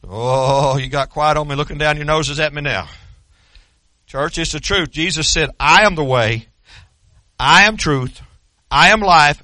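A male pastor delivers a sermon in a forceful, rising cadence, hammering the same points again and again. His voice sits high and bright, close and dry on the mic. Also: a little slow, long pauses, dry recording. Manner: emphatic, repetitive preaching cadence.

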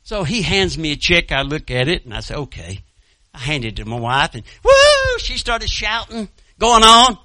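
A man's voice: fairly high pitch, sing-song, moderate pace, few pauses, pushed and bright, no room sound. A male pastor preaching a sermon and telling a personal story in a folksy way, calling out to his congregation and chuckling between lines.

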